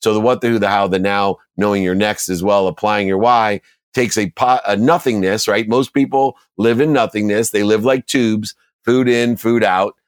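A middle-aged man with a low voice tells motivational stories. His cadence is emphatic and preacher-like, and he builds his points in steady rhythmic runs. The sound is close and dry. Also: normal speed, clean tone, no echo. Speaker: business coach and guest. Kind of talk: motivational storytelling.

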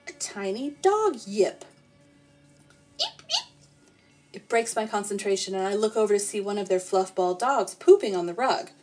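A woman narrating a playful, deadpan comic sleep story in the first person. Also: mid-range voice, brisk, hardly any pauses, faint music behind. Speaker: podcast storyteller.

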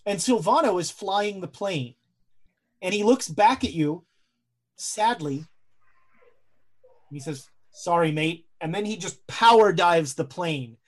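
A woman narrating a horror tabletop game as game master, slow and dramatic, with halting fillers as she searches for words. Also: lowish voice, lively intonation.

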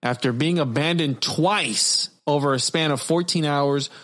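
A man's voice: on the high side, measured pace, fairly bright tone. A young man hosting a casual podcast, reading stories aloud, swearing freely and stumbling over words. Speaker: podcast host.

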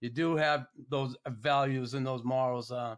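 A male podcast host in a mid-pitched voice speaks casually and bluntly. He swears freely, heaps praise on his guest and circles back over the same words. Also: steady tone, unhurried. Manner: gushing, profane, repeats himself.

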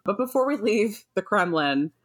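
Speaking in a mid-range voice at a moderate pace, a woman co-hosts a podcast and tells a story in relaxed chat. She is lively, laughs a lot, and swears freely.

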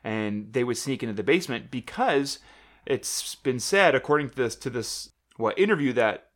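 A young man talks through a casual podcast chat in a rambling, joking way. He often restarts his sentences and leans on fillers. His voice sits at an everyday middle pitch. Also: expressive, normal speed. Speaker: podcast co-host.

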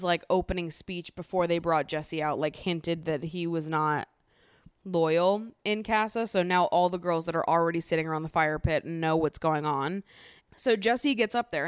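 Female podcast host, casual recap rant, low smooth voice on a dry close mic, exasperated and profane. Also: no room sound. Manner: animated, swears freely, exasperated ranting.

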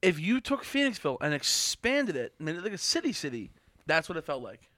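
Chill podcast host guy, kinda high lively voice, dry close sound. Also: fairly quick, no echo. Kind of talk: casual chat.

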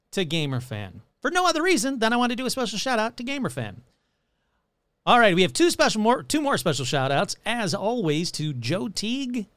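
Lively, high-voiced man hosting a podcast. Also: clear, resonant tone, no room sound. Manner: rambling, self-mocking and playful. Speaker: podcast host. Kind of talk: casual podcast chat.

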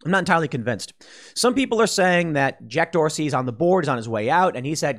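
A man hosting an opinionated commentary show, talking in a sarcastic, animated way. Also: a little high, a little fast. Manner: animated, sarcastic, acts out mocking voices.

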